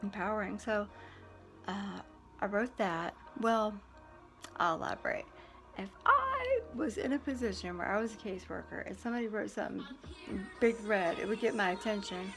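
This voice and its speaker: A woman's voice: mid-range voice, animated, normal speed, fairly bright tone, soft background music. A woman telling a story to her viewers in a blunt, indignant, talkative way. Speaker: vlogger. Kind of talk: casual storytelling to camera.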